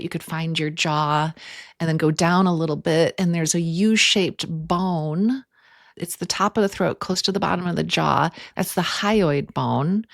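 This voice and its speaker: Low-voiced woman explaining calmly. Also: dry recording, studio quality. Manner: teacherly, explains anatomy step by step. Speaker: yoga therapist podcast host. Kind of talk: casual explanatory podcast chat.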